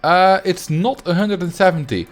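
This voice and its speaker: This young man from the Netherlands speaks in a high-pitched voice at a moderate pace, with faint music in the background. During his game livestream he chats casually, laughing frequently and muttering as he builds.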